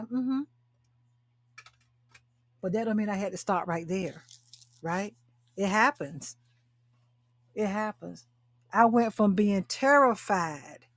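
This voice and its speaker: A woman's voice: medium pitch, no room sound. An emphatic woman hosts a live stream, calling out to her viewers and repeating her points. The sound is dry and close, with hardly any room around her. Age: 60s. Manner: emphatic and preachy, repeats phrases, calls out to viewers. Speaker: talk show host and life coach. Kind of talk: live-stream talk to a women's audience. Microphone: webcam or phone mic, live stream.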